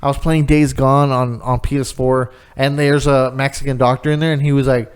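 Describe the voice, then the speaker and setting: A podcast co-host talking in a loose, casual way. His voice is smooth and clear at an ordinary pitch. He rants with lots of swearing and tells animated stories. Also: normal speed. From Rio Grande Valley, Texas. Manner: profane, animated storyteller. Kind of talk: casual chat.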